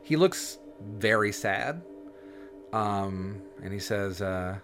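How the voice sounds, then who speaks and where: Low-voiced man narrating a tabletop game. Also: lively intonation, slow pace, a bit bright, faint music behind. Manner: hesitant, many restarts and fillers. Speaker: game master.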